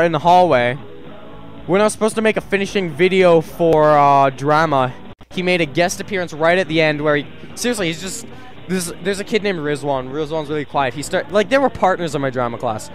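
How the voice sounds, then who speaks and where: A man's voice: fairly high pitch, brisk, soft background music, poor audio. A young man from Canada telling crude school stories in a rambling, casual way, laughing at himself. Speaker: livestreamer. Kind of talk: casual storytelling chat.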